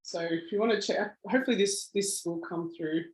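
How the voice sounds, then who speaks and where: A woman's voice: lowish voice, a little fast. An Australian woman giving an informal workshop talk, chatty, with lots of fillers and a self-deprecating laugh, heard over a video call. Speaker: workshop presenter. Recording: roomy echo.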